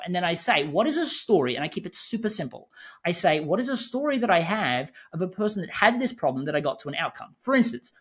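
A man speaking as a podcast guest, his voice somewhat husky and slightly breathy. His pitch swings widely as he explains, jumping up to act out quoted conversations, then dropping back down. His delivery is emphatic and punchy, with quick asides. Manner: lively, acts out quoted dialogue in different tones. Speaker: podcast guest, business growth coach. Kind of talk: animated interview explanation.

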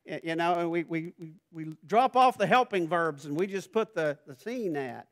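A middle-aged male pastor with a Southern accent delivers a sermon, talking easily with his congregation and then pressing his points with loud emphasis. His voice sits somewhat high for a man. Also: lively intonation, moderate pace, hardly any pauses. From Southern Arkansas. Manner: conversational preaching that rises to loud emphatic passages.

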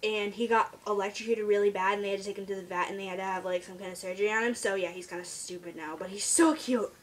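A teenage girl chatting casually on her vlog about her pet at home, rambling and trailing off into quiet asides. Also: mid-range voice, steady tone, fast, slight background noise. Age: teens. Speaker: vlogger.

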